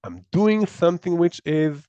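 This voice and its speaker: Man teaching with halting restarts. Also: fairly high pitch, big pitch swings, warm tone, clear, resonant tone, no room sound, highs cut off. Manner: hesitant, repeats words, restarts often. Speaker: Torah teacher. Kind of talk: live class lecture.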